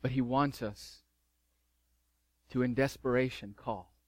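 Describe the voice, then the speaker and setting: A man's voice: mid-range voice, fairly even intonation, slow pace, darkish tone, no echo. A middle-aged man preaching a sermon as pastor, fervent and emphatic, repeating key phrases.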